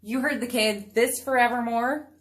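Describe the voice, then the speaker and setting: A woman's voice: on the high side, steady tone, moderate pace. A woman streaming from home as she paints, chatting in a bubbly way with her viewers and laughing often. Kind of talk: casual chat while painting live. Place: home room, not a studio.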